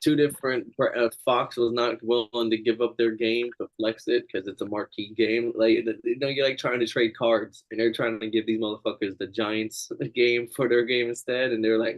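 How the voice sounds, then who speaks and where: A man's voice: medium pitch, steady tone, normal speed, poor audio. A man co-hosting a casual sports betting chat, reasoning through his picks in a laid-back, rambling way. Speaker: podcast co-host.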